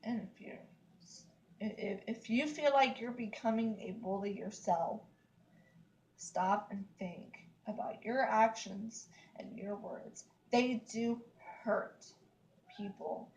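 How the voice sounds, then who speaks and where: A woman's voice: mid-range voice, slow, a little mellow, lo-fi sound, slight background noise. A woman, venting in a casual vlog, emphatic and repetitive, with lots of "like, seriously.". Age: 30s. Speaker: vlogger. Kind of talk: upset casual rant to camera.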